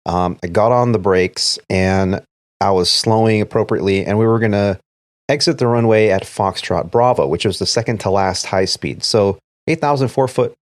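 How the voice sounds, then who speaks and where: Deep-voiced man recounting a cockpit story. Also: moderate pace, no echo, clean studio sound. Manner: recounts events step by step, acting out quoted radio calls. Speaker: airline first officer. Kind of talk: casual storytelling on a podcast.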